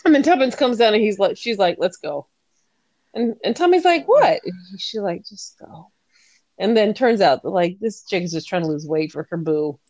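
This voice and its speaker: A woman's voice: mid-range voice, fairly quick, few pauses, mellow, dry recording, highs cut off. A woman co-hosting a podcast, chatting casually and retelling a story with lots of giggling. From Scandinavian heritage. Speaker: podcast co-host. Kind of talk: casual chat.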